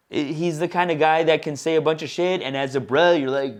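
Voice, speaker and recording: A young man from India riffs through a comedy podcast monologue, looping back on his own lines and tossing in bro slang. His voice sits a little higher than most men's, and his delivery stays loose and animated. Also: brisk, hardly any pauses, lo-fi sound. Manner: animated, rambling, slangy with repeated asides.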